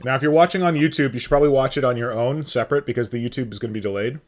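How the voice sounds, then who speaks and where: A man's voice: mid-range voice, rapid-fire, slight background noise. A man hosting a casual live stream, joking and reading out viewers' names. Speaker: stream host.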